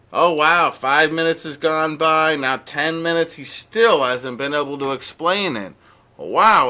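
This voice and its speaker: A man's voice: on the high side, bright, forceful tone. A young man streaming live, ranting at a chatter in a sarcastic, heated way. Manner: sarcastic, heated, mock-pleading. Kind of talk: live-stream rant to chat.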